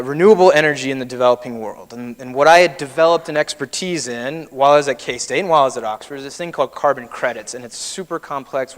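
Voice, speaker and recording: A man in his thirties giving a keynote speech, telling personal stories in a conversational way. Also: medium pitch. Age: 30s. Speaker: keynote speaker. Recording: long reverb of a large hall.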